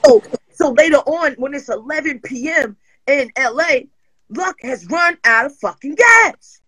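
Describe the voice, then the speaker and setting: A woman hosting a casual chat show, telling stories loudly and bluntly with lots of swearing. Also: high-pitched, a little slow, no room sound, low-quality recording. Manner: loud, profane, animated storytelling. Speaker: host.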